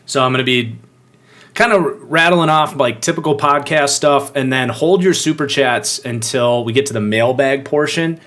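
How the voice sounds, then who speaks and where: A man's voice: mid-range voice, normal speed, fairly bright tone. Casual young man hosting a live podcast. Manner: casual, rambling, greets chat viewers by name. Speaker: podcast host. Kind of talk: live football podcast chat.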